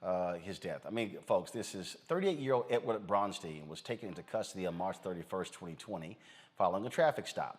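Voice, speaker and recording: Emphatic male news show host. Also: fairly low pitch. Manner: direct, emphatic, with many fillers. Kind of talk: news commentary.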